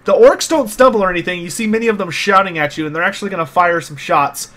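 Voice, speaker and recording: Guy gm narrating a tabletop game, kinda high voice, rambly w lots of ums. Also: fast talker, fairly bright tone. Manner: loose, filler-heavy narration with many restarts. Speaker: game master.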